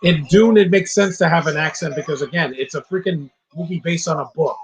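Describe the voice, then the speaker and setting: A man's voice: fairly high pitch, brisk, poor audio. A man giving casual live commentary on a movie, opinionated and ranting about what he dislikes. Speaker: film commentator.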